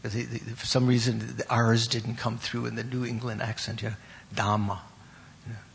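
A man teaching a class on Buddhist meditation and terms, pausing often, repeating words and putting questions to his students. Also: medium pitch, completely flat delivery, vocal fry, a little hiss or hum.

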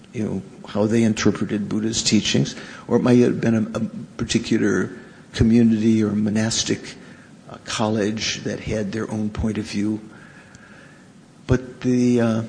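A man teaching Buddhism to a live audience in a halting, conversational way, often stopping to question his listeners. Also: lowish voice, vocal fry, a little mellow. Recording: reverberant hall, faint background noise.

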